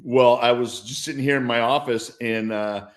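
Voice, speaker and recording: A man's voice: mid-range voice, steady tone, normal speed. A man in his sixties, a guest on a talk show, telling a story in an upbeat, casual way with frequent restarts. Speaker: guest, former football player. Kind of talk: casual interview chat.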